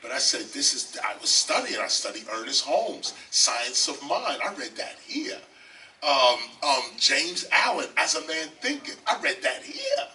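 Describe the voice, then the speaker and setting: Older New man as interview guest, bright lively voice, emphatic storyteller, a bit off-mic with faint noise. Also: on the high side, a little slow, distant mic. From South Bronx, New York. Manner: emphatic, repeats phrases, often says "okay?". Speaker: interview guest, rapper and teacher. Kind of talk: animated storytelling. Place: library, indoors.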